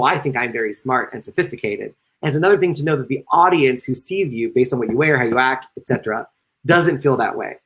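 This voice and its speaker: Guy lecturing on a livestream, reads chat comments, keeps tossing in jokes, voice jumps way up for gags. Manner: joking asides, sudden playful jumps in pitch. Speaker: lecturer and comedian. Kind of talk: live-streamed lecture reading chat comments.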